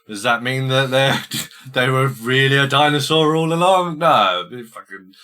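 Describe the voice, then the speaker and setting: A man's voice: mid-range voice, normal speed, sharp tone, clean tone. A man hosting a casual film podcast, rambling with stammered restarts and crude jokes. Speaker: podcast host.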